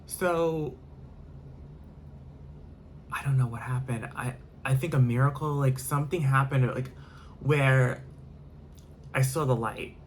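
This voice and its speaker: A man's voice: medium pitch, steady tone, slow pace, pauses often, slight background noise. Rambling man telling a storytime vlog. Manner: rambling, filler-heavy, repeats himself, swears. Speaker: vlogger. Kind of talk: casual storytime monologue.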